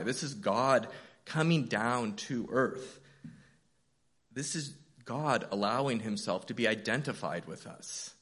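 A man's voice: medium pitch, a bit bright, breathy edge. A man in his fifties, a church elder, preaching a conversational, story-driven sermon with self-deprecating asides.

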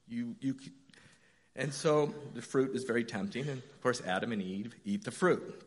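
A middle-pitched man in his fifties, a church elder giving a relaxed sermon. He tells stories and makes self-deprecating asides instead of speaking in a formal pulpit voice. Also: normal speed. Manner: conversational, self-deprecating storytelling.

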